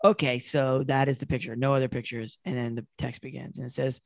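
A man's voice: medium pitch, flat delivery, a little fast, vocal fry, no room sound, clean studio sound. A young man hosting a casual comedy chat, rambling with restarts and frequent laughs. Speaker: podcast host.

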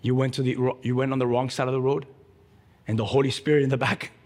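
A man preaching a sermon, emphatic and energetic, telling a story with lively quoted voices. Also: mid-range voice, fast talker, in a large hall. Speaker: pastor.

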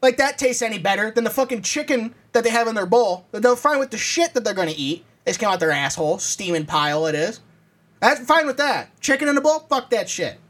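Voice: mid-range voice, animated, brisk, a bit bright. A podcast co-host in casual chat, ranting comically and swearing constantly over a home setup.

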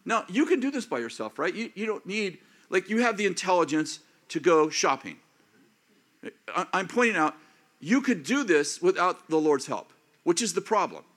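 A man of fifty or older preaching a sermon as pastor, acting out prayers and inner thoughts in an animated way. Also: sits high, normal speed. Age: 50s or older.

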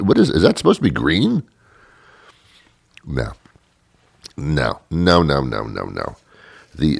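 A man's voice: very deep voice, vocal fry, dry recording. A man hosting his own comedy show, rambling through a dry, self-mocking monologue with chuckling asides. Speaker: radio-style comedy show host.

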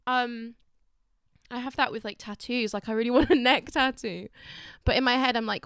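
A woman's voice: on the high side, steady tone, normal speed, a bit bright, smooth, no echo, clean studio sound. A woman co-hosting a casual chat, giggly and teasing as she talks. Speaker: podcast co-host.

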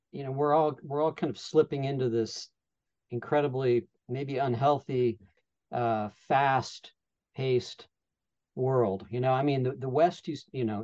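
A man's voice: medium pitch, a little mellow. A man in the audience speaks hesitantly, searching for his words between plenty of fillers. His voice comes through a dull, lo-fi pickup. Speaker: audience member asking a question.

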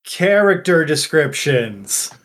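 A man's voice: fairly high pitch, very animated, slow, a bit bright. A man hosting a tabletop game podcast, chatting casually and stammering when put on the spot. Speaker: podcast host and player.

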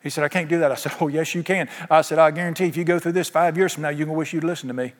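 Folksy preacher in a reverberant hall. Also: male voice, on the high side, fairly even intonation, very fast. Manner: folksy storytelling, acts out quoted dialogue. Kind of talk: sermon.

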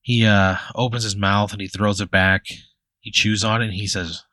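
A man narrates an improvised tabletop game as its game master, loose and chatty and full of "like" and "you know." His voice is fairly low and bright, with a forceful edge. It is recorded dry and close. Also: level tone, normal speed, no echo.

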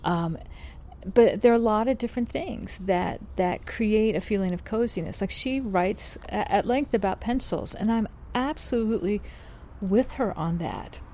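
A woman's voice: medium pitch, normal speed, mellow, a little hiss or hum. A woman, hosting a podcast as a rambling, chatty monologue full of restarts and asides. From North Carolina. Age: 50s. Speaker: podcast host. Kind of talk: casual monologue.

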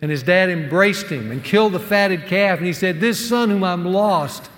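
A man preaching a sermon to men, earnest and emphatic, with dramatic pauses. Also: sits high, fairly bright tone. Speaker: pastor teaching a men's series. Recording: long hall reverb.

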